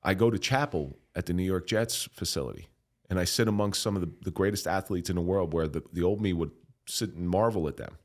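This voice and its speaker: A middle-aged man, a podcast guest, telling a story in a casual, animated, profane way that turns preacher-like. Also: sits low, fairly quick.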